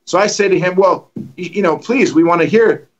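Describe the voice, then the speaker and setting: A middle-aged man preaching, telling testimony stories in an animated way and acting out the dialogue. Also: high-pitched, brisk, muffled recording. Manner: animated, acts out dialogue with lively voices. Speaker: guest preacher. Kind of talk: storytelling testimony.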